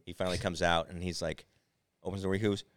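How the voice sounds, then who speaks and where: A young man with a very low voice talks fast through a rambling story, quoting his friends as he goes. The sound is dry and close. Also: flat delivery, no echo. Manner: rambling anecdotes with acted-out quotes. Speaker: podcast co-host. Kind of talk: casual storytelling.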